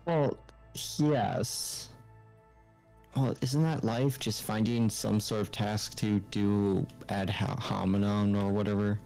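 A young man chatting as a player in a tabletop game, his voice mellow and dark in tone. He talks quickly and jokingly, swearing when things go wrong. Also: on the low side, steady tone, gravelly, soft background music. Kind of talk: casual game chat.

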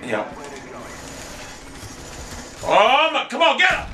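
High-voiced ranting gamer man, roomy. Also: lively intonation, fairly quick, a little hiss or hum. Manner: loud, profane, ranting trash talk. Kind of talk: live gameplay commentary.

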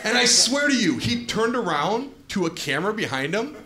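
A male stand-up comedian who tells his jokes in an animated way and acts out customers and counter workers, on a comedy club stage. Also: high voice, moderate pace, crowd noise. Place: comedy club stage before a laughing crowd. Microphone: handheld stage mic. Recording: live club audience laughter.

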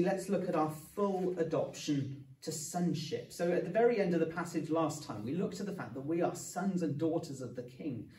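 Preaching an evening sermon in a church hall, a man is earnest and explanatory, adding touches of light humour. His voice is on the high side with a dark tone, recorded from a distance in the echoey room.

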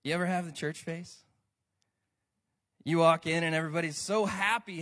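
Brief: American male pastor, high voice, lively conversational sermon delivery. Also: moderate pace, pauses often. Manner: lively, conversational preaching with asides to the congregation.

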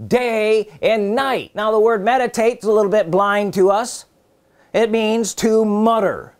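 A man's voice: high-pitched, fairly even intonation, a little slow. Emphatic preaching man. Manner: emphatic, repeats key phrases, asks rhetorical questions; reads scripture in older formal wording. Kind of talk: sermon.

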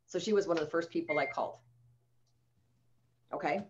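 A woman's voice: medium pitch, lively intonation, fast, long pauses, lo-fi sound. Woman coaching a sales team on a call. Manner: chatty, coaching, tells stories with quoted dialogue. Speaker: sales trainer. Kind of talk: virtual training talk. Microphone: video call.

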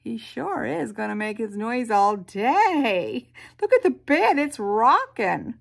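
A woman reading a picture book aloud to children, animated, with sound effects and soft whispered asides. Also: on the high side, slow, creaky. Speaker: storyteller.

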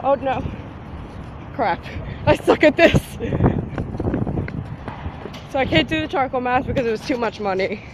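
Teen girl vlogger, high-pitched and foul-mouthed, rambling and self-mocking on a street over loud traffic. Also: lively intonation, unhurried, pauses often. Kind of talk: casual rambling vlog. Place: outdoors on a city street. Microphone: handheld phone or tablet.

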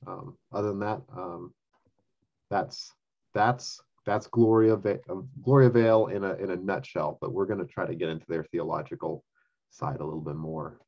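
Low, hesitant man with lo-fi sound. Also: steady tone, normal speed. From US Pacific Northwest. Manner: hesitant, many ums. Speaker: co-host. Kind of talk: casual discussion.

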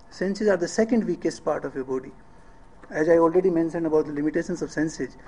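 Middle-aged guy lecturing, indian english accent, warm low-key tone, a bit raspy, keeps asking the room "eh?". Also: poor audio. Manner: rhetorical questions, asks audience "eh?". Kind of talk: public lecture.

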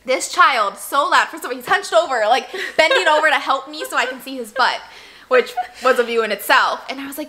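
A woman's voice: high-pitched, lively intonation, brisk, sharp tone. A woman co-hosting a casual podcast chat, telling funny stories animatedly with laughter. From Florida. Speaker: podcast co-host.

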